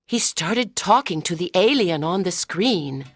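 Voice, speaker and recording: A woman reading a story aloud slowly and clearly for English learners. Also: fairly low pitch, expressive, dry recording. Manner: clear, careful delivery. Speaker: story narrator.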